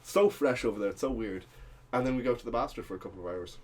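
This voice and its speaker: A man's voice: mid-range voice, fast talker. A young Irish man co-hosting a podcast, telling rambling travel stories in casual chat with plenty of ums and uhs. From Ireland. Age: young adult. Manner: rambling anecdotal storytelling with many fillers. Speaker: podcast co-host.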